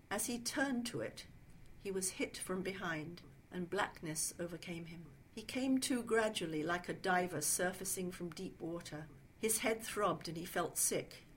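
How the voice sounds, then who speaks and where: Woman reading a suspense story softly. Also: medium pitch, slight background noise. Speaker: story reader.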